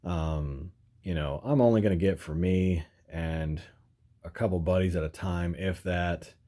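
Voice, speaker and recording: Low, mellow, and unhurried, this man's voice carries a casual toy review vlog about action figures. He rambles with lots of fillers and frequent "you know"s, letting out the odd chuckle as he handles the figures.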